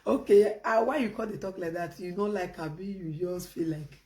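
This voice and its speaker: A woman with a Nigerian Pidgin English accent, hosting a casual live stream, animated and laughing, with loud outbursts between quiet phone chat. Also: on the low side, moderate pace.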